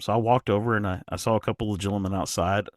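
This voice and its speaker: A man's voice: fairly low pitch, fast, no room sound. Man telling a story on a dry mic. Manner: animated storyteller, frequent restarts. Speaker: podcast guest. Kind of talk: casual storytelling.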